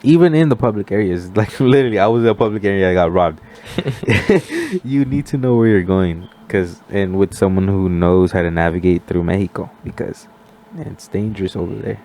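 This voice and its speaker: Low-voiced young man telling a story. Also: normal speed. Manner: animated storyteller, acts out quoted voices, many "like" fillers. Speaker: podcast guest. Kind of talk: casual podcast chat.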